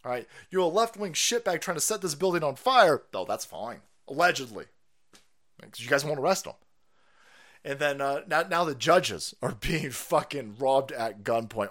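A man's voice: mid-range voice, sing-song, moderate pace, fairly bright tone. A man ranting on a live stream, sarcastic and profane, who often laughs at his own jokes. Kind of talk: profane political rant.

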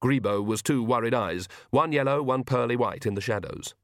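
A man narrating an audiobook in a wry, measured storytelling way. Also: medium pitch, fairly bright tone, dry recording, studio quality.

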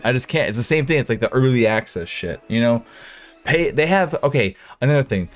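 A man's voice: mid-range voice, expressive, a little fast. A man co-hosting a casual gaming podcast, ranting with plenty of profanity. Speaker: podcast co-host.

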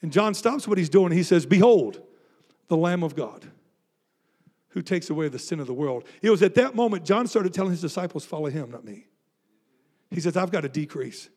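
High-voiced pastor telling a story. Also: male voice. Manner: animated, self-mocking storytelling with quoted dialogue. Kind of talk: sermon storytelling.

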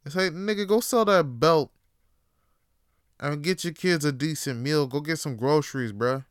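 A man's voice: fairly high pitch, normal speed, clean tone, no room sound, clean studio sound. Profane, rambling man on a podcast. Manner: profane, rambling, laughs often. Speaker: podcast host. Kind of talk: casual opinion monologue.

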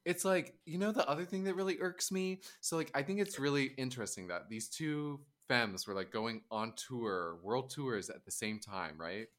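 A man's voice: mid-range voice, moderate pace, few pauses, a bit bright. A man co-hosting a podcast in casual chat, ranting with heavy swearing and sarcasm. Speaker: podcast co-host.

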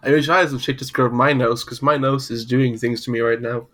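A man's voice: medium pitch, fairly even intonation, brisk, background noise. A man co-hosting a podcast, chatting casually and tripping over his words. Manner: stumbling, restarts words, laughs often. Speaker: podcast co-host. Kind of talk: casual chat.

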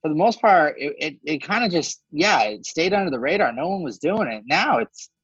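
A man's voice: on the high side, expressive, moderate pace, fairly bright tone, breathy edge, no echo, lo-fi sound, soft background music. A man co-hosting a podcast in casual chat, jokey and profane, rambling through his picks. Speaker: podcast co-host.

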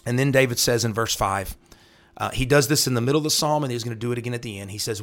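An earnest man talks through the scripture as a pastor. He repeats key phrases and checks in with a quick "right?" as he works through each verse. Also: mid-range voice. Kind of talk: devotional Bible teaching talk.

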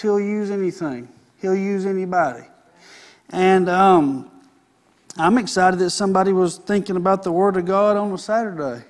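Man, middle-aged, high voice, sermon, call-and-response. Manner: preaching with call-and-response "Amen". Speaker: pastor.

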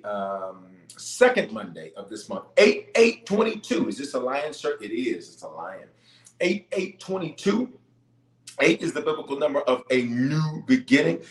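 A man's voice: medium pitch, big pitch swings, normal speed, roomy sound. A man serving as bishop, leading a live-streamed prayer call, greeting viewers by place and answering their questions with emphatic repetition. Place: room at home base near Denver.

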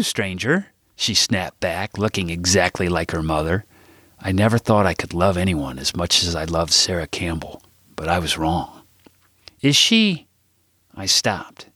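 A man reading his own book aloud as first-person narration, jumping much higher and louder whenever he voices dialogue. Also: no room sound, studio quality.

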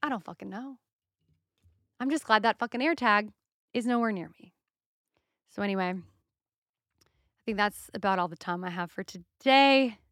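A young adult woman hosting a podcast, telling a story in a casual, profane and animated solo rant. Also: mid-range voice, measured pace, pauses often, no room sound, clean studio sound. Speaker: podcast host.

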